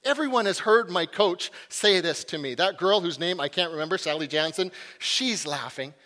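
A man telling a personal story in a sermon, animated and lively, sometimes dropping to a hushed voice. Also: sits high, normal speed. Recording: long hall reverb.

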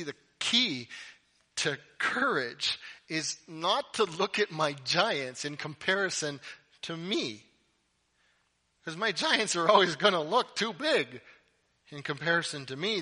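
A male pastor preaching a sermon, animated and jokey with playful asides. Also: fairly high pitch, husky.

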